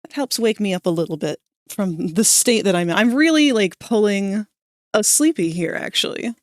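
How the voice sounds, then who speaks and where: A young woman streaming live while drawing, chatting casually with her viewers, sleepy but breaking into animated, laughing bursts. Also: medium pitch, moderate pace, dry recording, clean studio sound.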